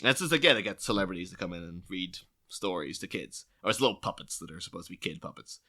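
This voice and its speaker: A man co-hosting a casual podcast chat, animated and laughing as he acts out quotes in silly voices. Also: low voice, fast. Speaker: podcast co-host.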